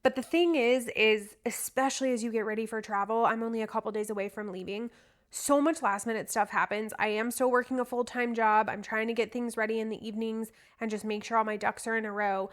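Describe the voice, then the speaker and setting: Chatty woman podcast host, bright-pitched. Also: steady tone, brisk. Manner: chatty, candid, a little rambling. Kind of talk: casual solo podcast chat.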